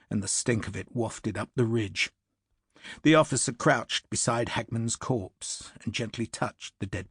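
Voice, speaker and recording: A man narrating an audiobook in a measured, steady, scripted way. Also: on the low side, slightly rough, no echo, studio quality.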